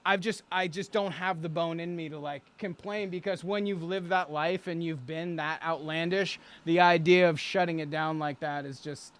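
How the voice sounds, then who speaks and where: A man's voice: on the high side, fairly even intonation, normal speed, few pauses, fairly bright tone. A young man telling a wild story with lots of swearing, acting out the quotes and laughing as he goes. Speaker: guest storyteller, singer and producer. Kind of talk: animated anecdote telling.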